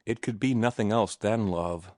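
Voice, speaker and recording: Low-voiced male audiobook narrator. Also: moderate pace, darkish tone, dry recording, clean studio sound. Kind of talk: scripted narration.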